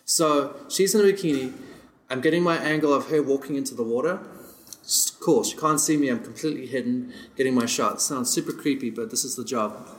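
A man's voice: mid-range voice, brisk, a little hiss or hum. Rambling man from South Africa, roomy sound. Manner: rambling, filler-heavy, chuckles through stories. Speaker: podcast guest. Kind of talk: casual storytelling chat. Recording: roomy podcast room echo.

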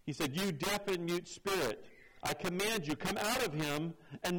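High-voiced male preacher. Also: normal speed, fairly bright tone, rough recording. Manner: expository preaching, acts out quoted voices. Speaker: pastor. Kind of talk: sermon.

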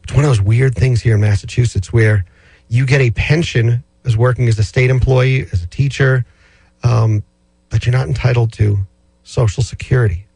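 A man's voice: mid-range voice, fairly even intonation, normal speed, gravelly, a little mellow, breathy edge, no echo. A man hosting a casual radio talk show, chatty and rambling. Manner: chatty, rambling, with many fillers and restarts. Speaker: radio show host answering listener finance questions.

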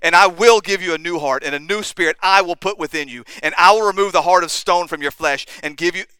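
A man preaching a sermon, impassioned, swinging between quiet and intense. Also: sits high, fast, clean tone, no room sound. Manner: impassioned, rises and drops in intensity.

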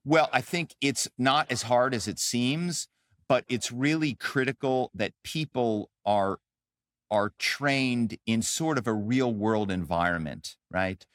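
A man's voice: medium pitch, takes it slowly, a bit bright, dry recording, studio quality. A man who is a guest author, telling stories in an interview with emphatic, dramatic delivery. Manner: emphatic, acts out calls with quoted voices. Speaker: guest, author and former actor. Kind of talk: animated interview storytelling.

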